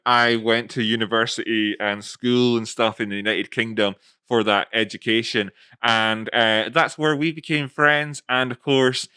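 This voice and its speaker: A man's voice: mid-range voice, pushed and bright, clean tone, dry recording. A man playing a boastful, self-important male dictator in a jokey, rambling way, close to his own voice.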